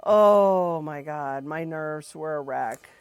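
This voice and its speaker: A woman's voice: sits low, slow, a little mellow, clean tone. A woman candidly retelling her family's story, acting out the dialogue and swearing bluntly as she goes. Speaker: podcast co-host telling her family's story. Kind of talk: emotional personal storytelling.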